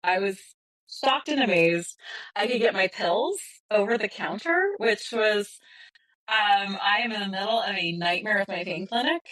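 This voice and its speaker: Animated Californian woman, dry sound. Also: medium pitch, normal speed, dry recording, rough recording. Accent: Californian (Bay Area). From California, USA. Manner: animated, emphatic, frequent "like". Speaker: podcast host. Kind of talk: casual podcast chat.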